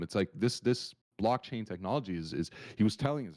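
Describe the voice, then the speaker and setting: A man co-hosting a market analysis livestream, talking in an animated, rambling way with many restarts. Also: sits low, quick pace, few pauses. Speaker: market analyst stream co-host. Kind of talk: casual livestream chat.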